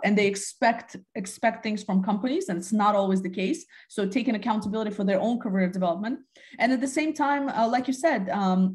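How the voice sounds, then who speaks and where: A woman guest on a business podcast, speaking conversationally and often restarting her phrases. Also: medium pitch. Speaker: podcast guest, talent development head. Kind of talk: conversational interview.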